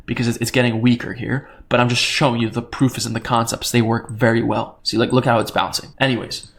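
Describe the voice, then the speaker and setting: A young man teaching crypto trading over a screen share, excitable and repetitive, often checking in with "right?" and jumping up in pitch on his key points. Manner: pitch jumps up on emphatic points. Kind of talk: screen-share chart walkthrough.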